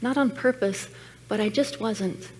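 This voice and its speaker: A woman's voice: on the high side, a little slow, a little mellow, a little hiss or hum. A woman giving a personal sermon message at a church, telling her story in an earnest, reflective way. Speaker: guest speaker at church. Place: church sanctuary.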